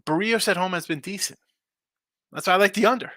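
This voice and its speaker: Brash and quick with the sarcasm, this man runs a sports betting show, riffing casually on viewer comments in a live-stream chat. His voice is high and sharp-toned, recorded cleanly in a studio with no room sound.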